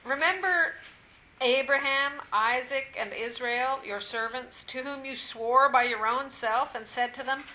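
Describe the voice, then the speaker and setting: A woman reading scripture aloud at a steady, measured pace in a Bible study. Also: high-pitched, a little hiss or hum, rough recording. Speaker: scripture reader.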